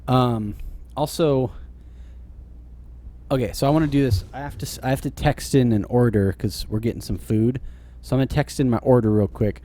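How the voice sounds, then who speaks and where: A man's voice: medium pitch, normal speed, warm tone. A man co-hosting a podcast in easygoing casual chat, often murmuring agreement. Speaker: podcast co-host.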